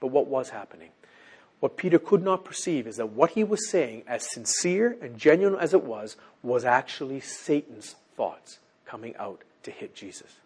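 A man preaching a sermon in an animated way, who keeps checking in with his listeners. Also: mid-range voice, moderate pace, breathy edge.

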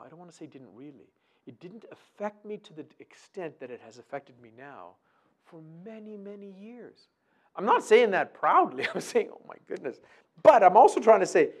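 A man delivers an earnest sermon in a slightly raised voice whose pitch rises and falls widely. He recites scripture softly, often sinking to a near whisper for emphasis, then pushes his points louder. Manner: swings between soft quoted verses and louder urging. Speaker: preacher.

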